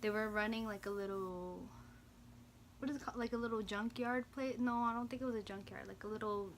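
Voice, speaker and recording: A young woman vlogger casually telling a story, animated and slangy, full of "like" and swearing. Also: medium pitch, fairly quick, slight background noise.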